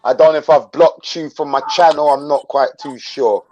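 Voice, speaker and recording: A man's voice: a little high, fairly even intonation, normal speed, a crowd in the background, poor audio. A man, hosting his own channel and delivering an angry, blunt, profane rant that repeats its points. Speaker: channel host.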